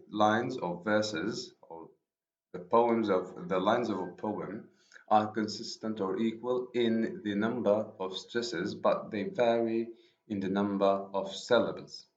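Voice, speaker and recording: Man, Arabic first language, university lecturer, slow repetitive explaining, echoey room, muffled lo-fi recording. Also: on the low side. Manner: explains slowly, repeats and rephrases himself. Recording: echoey room, dull lo-fi sound.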